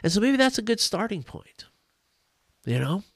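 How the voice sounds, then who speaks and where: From his home desk, a man hosts a podcast, giving a casual solo talk on men's mental health in an earnest, informal way, often restarting and repeating words. His voice sits high, bright and very animated at normal speed, with a dry, clean studio sound.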